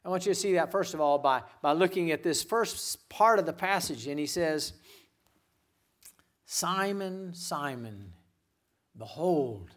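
A man preaching a sermon as a guest pastor, earnest and given to repeating words, dropping to a hush when he quotes names. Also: fairly high pitch, a little fast, hardly any pauses.

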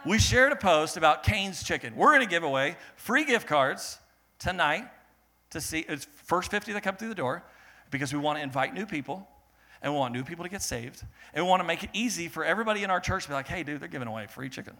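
A young man preaching a sermon, animated and laughing, rising to loud peaks and dropping to a soft, earnest tone. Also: on the high side, a little fast. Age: young adult. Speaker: pastor.

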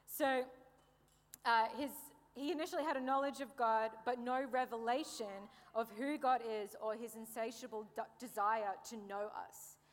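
A woman's voice: fairly high pitch, moderate pace. Woman preaching in an echoing hall. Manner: lively, joking asides, calls for amens. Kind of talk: sermon. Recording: long hall reverb.

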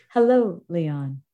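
Woman, podcast co-host, giggly and expressive, lowish voice, easygoing chat. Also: phone-quality sound. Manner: giggly, laughs often mid-sentence; expressive, acts out her own reactions.

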